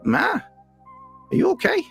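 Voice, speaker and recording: A man's voice: very high-pitched, big pitch swings, a little slow, creaky, fairly bright tone, soft background music, pitched above the performer's own voice, exaggerated voice. A man voicing a brash late-night call-in radio host with a Rhode Island accent.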